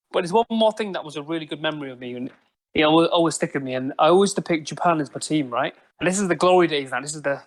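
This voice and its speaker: A man tells stories in a casual podcast chat. He is animated and swears freely, with a fairly high voice that carries a lot of feeling. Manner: animated storytelling, swears often. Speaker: podcast guest.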